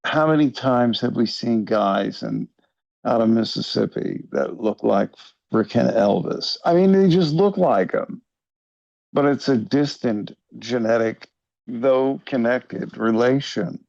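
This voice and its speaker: A man's voice: medium pitch, takes it slowly, vocal fry, darkish tone, no room sound. A very tired man rambling in casual livestream chat, swearing and making jokey asides, on muffled audio. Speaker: guest.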